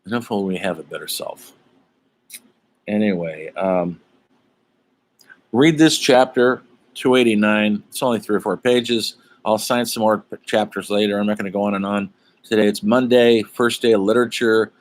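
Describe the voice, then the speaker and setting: A middle-aged man with a somewhat low voice gives a college humanities lecture for online students. He talks casually and drifts into personal asides, filling pauses with ums and uhs. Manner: rambling, chatty, many fillers and asides.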